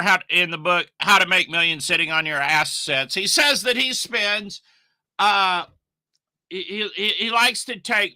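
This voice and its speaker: A man's voice: on the high side, sharp tone, no room sound. A middle-aged man teaching online marketing on a casual live stream, rambling and emphatic, with asides to his viewers.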